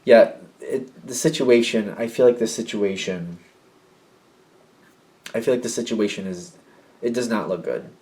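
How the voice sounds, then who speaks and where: A man's voice: on the low side, measured pace, long pauses, a little mellow. A man giving a casual, intuitive tarot reading in a rambling, emotional way. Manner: rambling and emotional, often acting out the people in the reading. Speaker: tarot reader. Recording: slightly distant mic with faint noise.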